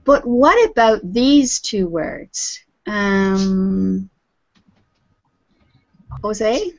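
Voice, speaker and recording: Brief: unhurried woman English teacher, encouraging, muffled video-call sound. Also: mid-range voice, animated, gravelly. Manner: patient, encouraging, calls on students by name. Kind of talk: live online group lesson. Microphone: video call audio. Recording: dull lo-fi video call audio.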